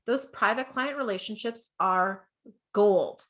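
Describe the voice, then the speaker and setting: A woman's voice: medium pitch, slow, a bit bright. Chatty Canadian woman teaching a masterclass. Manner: chatty, upbeat, checks in with "okay?"; laughs often at herself. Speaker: business coach.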